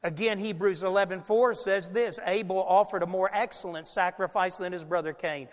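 Male pastor, high voice, lively folksy sermon delivery, long hall reverb. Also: moderate pace. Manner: animated preaching with folksy asides.

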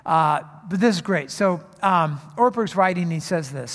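A man's voice: high-pitched, animated, moderate pace, few pauses, fairly bright tone, long reverb tail. A man preaching a sermon as pastor, earnest and building to emphatic proclamation.

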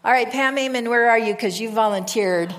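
A woman's voice: a little high, fairly quick, noisy background. A woman leads a group in an upbeat way, coaxing people to come up and tell jokes. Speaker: group leader. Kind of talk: hosting an open-mic joke session.

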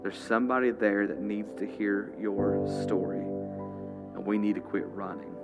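A man preaching a sermon dramatically, rising loud and then dropping to a hush. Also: on the low side, fairly even intonation, measured pace, creaky, narrow, tinny audio, over loud music. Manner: dramatic, swinging from loud to hushed.

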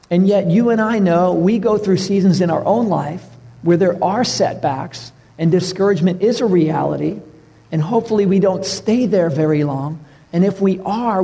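A man preaching a sermon, telling stories in an earnest way and dropping his voice low for the tender parts. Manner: storytelling, earnest, drops to a hush for tender moments. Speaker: pastor. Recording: reverberant hall.

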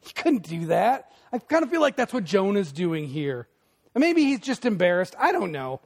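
Animated gravelly-voiced male preacher. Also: sits high, moderate pace. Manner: animated, swings between loud bursts and hushed emphasis; conversational asides to the congregation. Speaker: pastor. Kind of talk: sermon.

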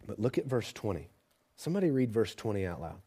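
A man preaching a sermon to a congregation, moving between quiet intimate asides and loud emphatic passages, often asking the audience rhetorical questions. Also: on the low side, very animated, quick pace, slightly rough.

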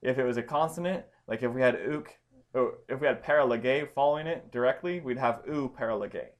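A man's voice: medium pitch, fairly quick. A man teaching a Bible study lesson, explaining Greek grammar step by step with frequent ums and restarts.

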